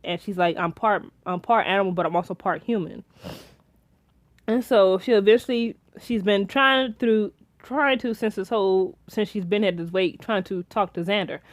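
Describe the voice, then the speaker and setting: Young female reviewer, excitable and rambling, dry room. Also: mid-range voice, normal speed, no room sound. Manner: rambling, excitable, many restarts and fillers. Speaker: TV episode reviewer. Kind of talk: casual episode recap and theorizing.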